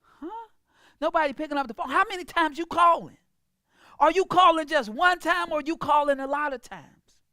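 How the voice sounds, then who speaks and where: A woman's voice: high voice, a little fast, bright, forceful tone, no echo, studio quality. A woman business coach giving an emphatic, preachy motivational talk about sales, speaking. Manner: emphatic, preachy, acts out clients in a mocking voice.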